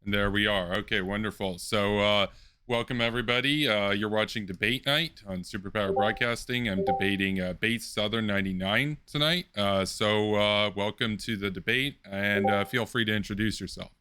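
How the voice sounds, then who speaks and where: Guy hosting a debate stream, lots of uhs, kinda lowish voice but bright and crisp, dry close mic. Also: no room sound. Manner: measured, many filler ums and uhs. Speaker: debate host. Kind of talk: online political debate.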